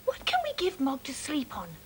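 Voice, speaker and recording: A woman voicing a tiny, excitable young boy mouse in a storybook, squeaky and sometimes hushed. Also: normal speed, full character voice. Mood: whispered.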